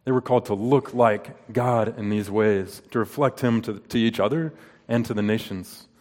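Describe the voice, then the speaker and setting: A man in his thirties preaching a sermon in an earnest way, asking rhetorical questions and telling personal stories. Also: fairly low pitch. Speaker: pastor. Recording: long reverb of a large hall.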